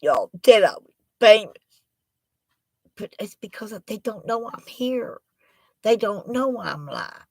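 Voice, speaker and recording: A woman's voice: fairly high pitch, animated, slow pace, gravelly, long pauses, darkish tone. A woman chats folksily into her laptop mic on a live stream. She takes her time and drifts from one thought to the next. The sound is dry and close, with no room echo. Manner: folksy, rambling, talks to the chat. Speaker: livestream host. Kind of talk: casual live-stream chat. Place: at home with a laptop. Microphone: laptop microphone.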